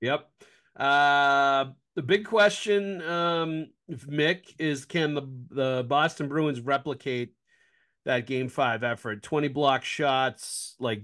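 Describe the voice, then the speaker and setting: A man's voice: medium pitch, fairly even intonation, unhurried, a bit bright. A man hosting a hockey podcast, talking casually and emphatically, agreeing strongly and running his points together. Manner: chatty, frequent "like" fillers, emphatic agreement. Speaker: podcast host.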